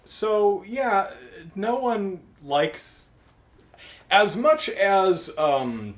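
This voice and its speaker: A man's voice: high-pitched, big pitch swings, extremely slow. A middle-aged man recapping a cartoon episode in casual comedic talk, dry and sarcastic, acting out the characters' lines.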